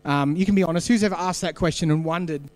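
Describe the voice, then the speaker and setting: A man's voice: a little high, fast, a little mellow, in a large hall. An Australian man preaching a sermon, telling stories in a conversational way and putting questions to the congregation. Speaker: pastor.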